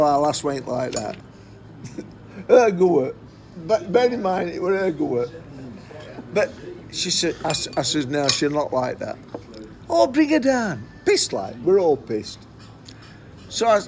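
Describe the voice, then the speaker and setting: A man's voice: a little high, gravelly, darkish tone. A man telling a rambling anecdote, swearing constantly and repeating himself. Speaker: storyteller.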